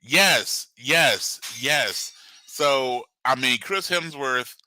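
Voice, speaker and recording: A middle-aged man co-hosting a podcast in casual chat, jokey and riffing with quick asides. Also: medium pitch, expressive, pushed and bright, dry recording, poor audio. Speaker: podcast co-host.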